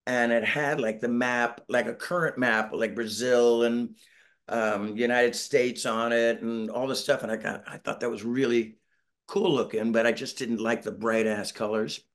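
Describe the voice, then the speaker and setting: A man's voice: medium pitch, fairly even intonation, normal speed, a bit bright. Man, middle-aged, rambling storyteller, video call from home, acts out quotes. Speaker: band member, interview guest. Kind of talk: casual video-call interview. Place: home, Northern California.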